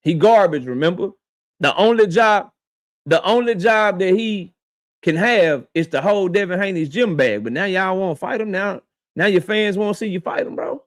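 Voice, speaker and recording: A man with a high-pitched voice rants as a boxing channel host, speaking straight to the person he is calling out. He is confrontational and swears freely. He hammers each point by saying it more than once. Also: lively intonation, normal speed, no room sound, studio quality. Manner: confrontational, profane, repeats his points; addresses his target directly. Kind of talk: heated commentary rant.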